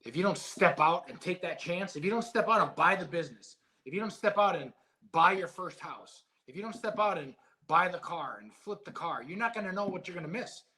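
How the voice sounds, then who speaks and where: A middle-aged man speaks in a fairly high, bright, forceful voice. He is a former boxer who tells his stories in an animated, emotional, casual way, and he swears freely. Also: a little fast. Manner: emotional, animated storytelling with profanity. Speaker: guest, former heavyweight boxer. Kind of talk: casual interview storytelling.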